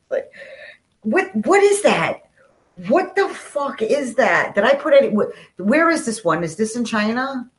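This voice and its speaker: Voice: mid-range voice, very animated, a little slow. A co-host on a casual online show, enthusiastic and stammering through restarts.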